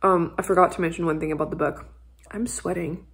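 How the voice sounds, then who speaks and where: A woman's voice: on the low side, steady tone, fairly quick. A young adult woman book vlogger chatting casually at home, rambling with lots of "like" and small laughs. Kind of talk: casual chat. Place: at home on a couch.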